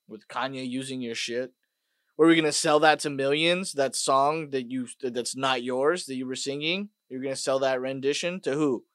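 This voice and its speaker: A man hosting a podcast, ranting casually and profanely, dropping to mutters and then bursting out loud. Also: medium pitch, dry recording, studio quality. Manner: profane, swings between mutters and loud outbursts. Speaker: podcast host. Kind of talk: casual rant monologue.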